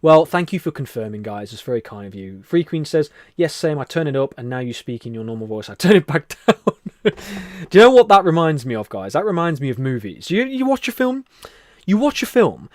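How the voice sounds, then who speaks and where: A man chats warmly with his viewers while hosting a live stream, reading their comments aloud and calling them "my friend". His pitch swoops up and down a lot, and he moves between hushed, soft speech and sudden louder laughter. The sound is dry and close, from a headset mic. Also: sing-song, brisk, no echo. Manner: chatty and friendly, calls viewers "my friend" and "buddy", laughs often; shifts between soft near-whisper and louder talk. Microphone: headset mic with headphones.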